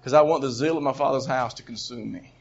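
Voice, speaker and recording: A man preaching a sermon, an animated storyteller who chuckles between points and swings from quiet asides to loud bursts. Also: medium pitch, quick pace, breathy edge. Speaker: preacher teaching a Bible session. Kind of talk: sermon teaching. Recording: dull lo-fi recording.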